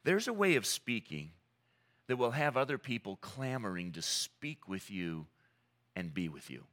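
Lively, bright-toned male preacher. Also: lowish voice. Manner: earnest, emphatic preaching with dramatic pauses. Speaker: pastor. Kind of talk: sermon.

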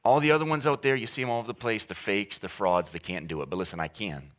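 Guy doing a bragging mall santa, low and hushed, pushy and coaxing. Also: quick pace, close to an everyday voice. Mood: confiding. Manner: insistent, coaxing, confiding. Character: boastful male mall Santa, pushy salesman type.

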